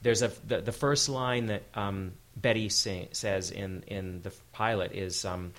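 Lowish-voiced guy telling stories onstage, animated, trips over his words. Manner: animated, quick restarts, lively storytelling. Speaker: showrunner guest. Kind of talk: live onstage interview. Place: event hall with audience.

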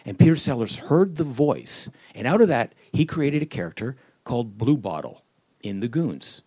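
A man's voice: mid-range voice, very animated, moderate pace, darkish tone, slightly rough. A man who creates comedy shows tells wry, rambling stories during an audience Q&A at a live panel event. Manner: wry, rambling storyteller who slips into voices.

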